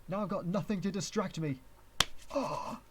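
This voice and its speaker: Rambling through his work, the streamer restarts sentences and chuckles at himself, keeping the 3D rigging tutorial casual and unscripted. He is a man from Canada with an English accent and a slightly higher, darkish voice, speaking at a moderate pace.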